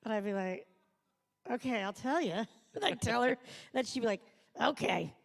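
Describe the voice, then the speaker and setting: A woman's voice: medium pitch, moderate pace, gravelly. A woman voice actor telling rambling anecdotes at a live panel interview in a large convention auditorium. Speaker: voice actor guest. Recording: live hall sound, long reverb.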